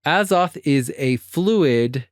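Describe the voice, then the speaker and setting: A man's voice: a little high, slow pace, dry recording, clean studio sound. A man co-hosting a podcast, explaining fan theories in casual, laughing chat. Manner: laughing, animated storytelling. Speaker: podcast co-host.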